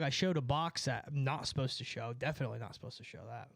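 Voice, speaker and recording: A man's voice: medium pitch, expressive, fast, few pauses, dry recording. A young man from California telling a rambling, profane story in casual chat, often laughing at himself. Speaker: streamer.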